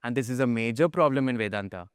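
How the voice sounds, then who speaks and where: A man teaching a spiritual class and telling stories, swinging between hushed and excited. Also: mid-range voice, fast, clean tone, no echo, clean studio sound. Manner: animated storyteller, acts out quotes, swings between hushed and excited. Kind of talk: informal spiritual class talk.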